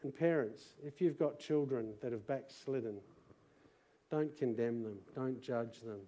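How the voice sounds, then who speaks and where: A middle-aged Australian man preaching to a church congregation, moving from quiet personal testimony to loud rallying calls. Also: medium pitch, measured pace. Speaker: pastor. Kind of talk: sermon testimony. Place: church service.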